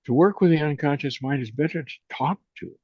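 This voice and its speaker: A man in his eighties, co-hosting a reflective chat on consciousness and guiding a meditation, unhurried and gentle, often trailing off softly. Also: on the high side, dry recording. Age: 80s. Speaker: co-host, meditation and consciousness teacher. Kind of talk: reflective conversation and guided meditation. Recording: dull lo-fi sound.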